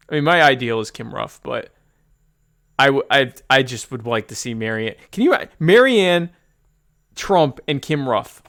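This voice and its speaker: Smooth-voiced man, animated podcast co-host. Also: medium pitch, unhurried. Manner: animated, stammering restarts, joking. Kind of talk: casual political chat.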